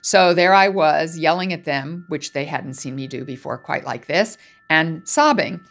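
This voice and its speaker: A woman's voice: low-pitched, a little slow. A woman diplomat interviewed for a podcast, recounting a negotiation in a candid, reflective way. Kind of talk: personal recollection in interview.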